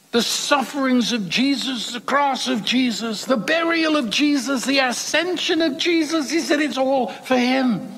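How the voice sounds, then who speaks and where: Raspy, high-voiced preacher in a reverberant hall. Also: male voice, fairly bright tone. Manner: conversational, emphatic, rhetorical questions. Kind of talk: sermon.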